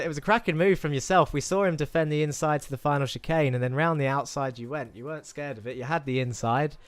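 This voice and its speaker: Chatty British sim racing commentator. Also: male voice, fairly high pitch, no echo. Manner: chatty, rambling, reads chat messages aloud. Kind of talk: live race commentary and interviews.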